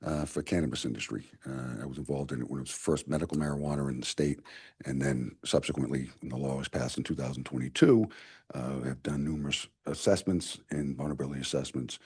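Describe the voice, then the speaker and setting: Very deep husky older man with Boston accent. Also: darkish tone. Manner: mumbling, halting with frequent uh fillers. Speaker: security consultant at public comment. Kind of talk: public comment at a town meeting.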